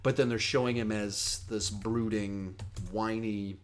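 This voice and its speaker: A young man hosting a casual livestream Q&A, talking in a rambling, animated, self-mocking way. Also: lowish voice, a little slow. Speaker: host.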